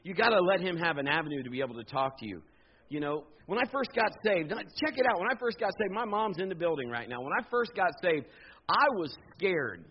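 A man in his fifties preaching a sermon, telling a personal story in an animated, jokey way and acting out the voices. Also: on the high side, brisk, husky. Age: 50s. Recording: dull lo-fi sound.

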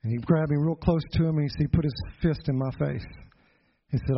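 A middle-aged pastor preaching a Sunday sermon, telling a childhood story in an earnest, folksy way with joking asides. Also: male voice, a little high, brisk, slightly rough. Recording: dull lo-fi sound.

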